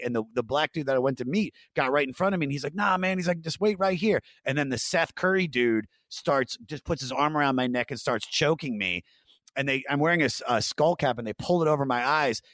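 A man's voice: a little high, no room sound, studio quality. A man telling a wild story in casual podcast chat, acting out the voices of the people in it and swearing freely. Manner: animated, acts out quoted voices, swears freely. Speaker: podcast co-host.

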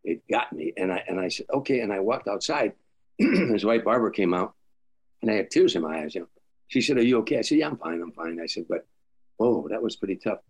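Older man telling stories, low voice. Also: brisk, slightly rough. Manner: animated storyteller, acts out quotes, stammers and restarts. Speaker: comedian telling stories as a guest. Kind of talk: storytelling interview.

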